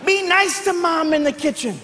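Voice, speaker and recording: A man performing stand-up comedy on stage, telling animated stories and acting out family members in loud, barked voices. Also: very high voice, moderate pace. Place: large hall with live audience. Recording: echoey hall with faint background noise.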